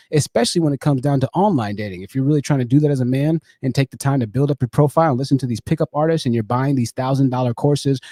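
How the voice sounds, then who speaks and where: A fast-talking young man hosting a laid-back livestream and chatting straight to his viewers. His voice is mellow and rather dark, and he often repeats a phrase for emphasis. The sound is dry and close, with little room in it. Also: a little high, dry recording. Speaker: livestream host. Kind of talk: casual livestream chat.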